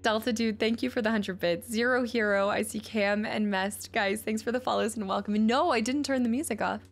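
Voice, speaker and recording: A woman streaming a video game, chatting and reacting excitedly as she plays. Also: a little high, brisk. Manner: chatty, excitable, jumps between chat and gameplay. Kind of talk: live-stream chat while playing.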